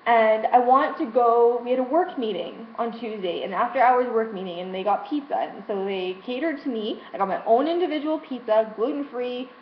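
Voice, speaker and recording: Woman vlogger, young adult, frank emotional rant, higher voice, roomy dull recording. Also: moderate pace, few pauses. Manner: frank and emotional, swears freely. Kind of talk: personal rant vlog. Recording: roomy, dull lo-fi sound with faint hiss.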